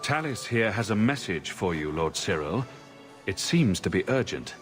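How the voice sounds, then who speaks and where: A man's voice: on the low side, sing-song, normal speed, music in the background. An actor voicing a dry, sarcastic male hero in a video game. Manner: sarcastic, mock-posh.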